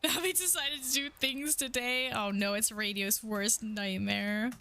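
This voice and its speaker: A woman's voice: fairly high pitch, fairly even intonation, a little slow, pushed and bright. A young woman streaming a game, chatting casually with her viewers, playful, swearing freely and laughing often. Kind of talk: casual live-stream chat.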